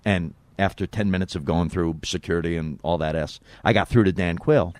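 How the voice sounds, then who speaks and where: A man's voice: low voice, a little fast, few pauses, no room sound. A radio host and impressionist telling an anecdote in casual chat, acting out the people he quotes. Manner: animated anecdote teller, acts out quotes.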